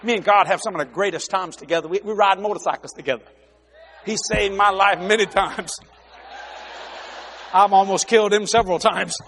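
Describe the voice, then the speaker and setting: An older man preaching a sermon, telling joking stories with exuberant bursts of shouting. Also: high-pitched, a little fast, long pauses.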